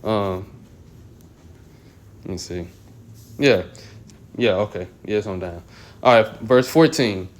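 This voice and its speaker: A man teaching from scripture. He reads verses aloud slowly, then explains them in loose, everyday slang. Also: fairly low pitch. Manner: slow and deliberate when reading scripture. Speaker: Bible teacher. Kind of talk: casual scripture reading and commentary.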